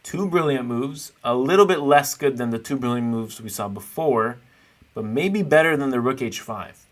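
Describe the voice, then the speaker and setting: A man's voice: mid-range voice, normal speed. A man streaming live, chatting casually and playfully with his viewers while he rates chess games. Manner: chatty, playful, thinks aloud while searching.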